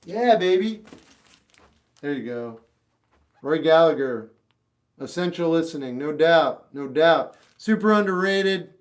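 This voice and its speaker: This livestream host has a fairly high-pitched, unhurried voice as he answers chat questions casually. Sitting in a home room with a record collection, he offers blunt opinions off the cuff.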